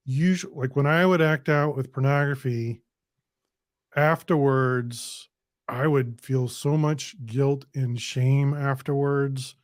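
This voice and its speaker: A man's voice: mid-range voice, a little mellow, dry recording, studio quality. A man hosting a podcast interview, asking questions in a casual, hesitant way. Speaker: podcast host.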